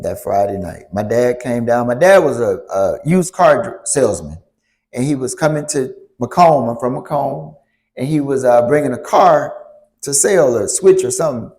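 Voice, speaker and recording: A man telling a story to a church youth group, animated, stopping to ask the audience questions. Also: mid-range voice, normal speed. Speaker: youth speaker.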